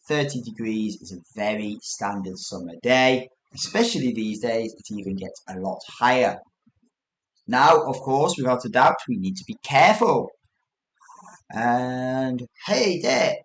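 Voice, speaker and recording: English guy teaching english on his podcast, slow and chatty, corrects himself a lot. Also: mid-range voice. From England. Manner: chatty, rambling, self-correcting, laughs often. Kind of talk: casual spoken English lesson.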